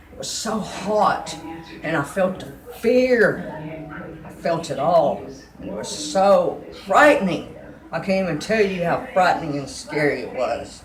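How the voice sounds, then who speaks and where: A woman's voice: sits low, echoey room, low-quality recording. A woman giving a fervent, emotional religious testimony.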